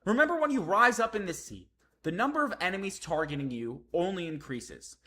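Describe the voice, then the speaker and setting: A man's voice: high-pitched, animated, a little fast, pushed and bright, pitched above the performer's own voice. A man reading aloud the lines of a scornful old male pirate who scolds a young fighter. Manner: scolding, contemptuous.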